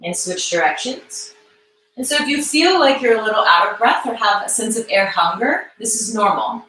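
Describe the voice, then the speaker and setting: A woman leading a live mobility class, calmly guiding movements and breath cues. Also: on the high side, normal speed, a little hiss or hum. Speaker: mobility instructor. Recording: echoey room, mic far off.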